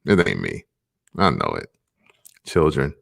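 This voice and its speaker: A man's voice: rumbling low, very animated, unhurried, gravelly, a bit bright. A man in his thirties hosting a casual vlog, talking in a laid-back, rambling way with lots of fillers. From Tennessee, USA. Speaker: vlog host.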